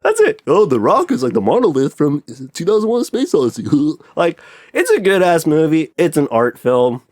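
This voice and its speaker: A man's voice: fairly high pitch, moderate pace, no room sound, studio quality. A man in casual podcast chat, rambling and swearing freely, with lots of filler words. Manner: animated, profane, rambling with many "like" fillers.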